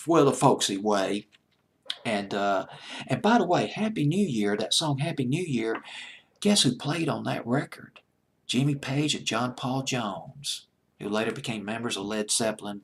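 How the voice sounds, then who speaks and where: A man hosting a music show late at night, talking eagerly and rambling, sometimes dropping to a hushed near-whisper. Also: mid-range voice, slightly rough. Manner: enthusiastic, rambling, drops to a hushed near-whisper when gushing. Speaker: deejay host.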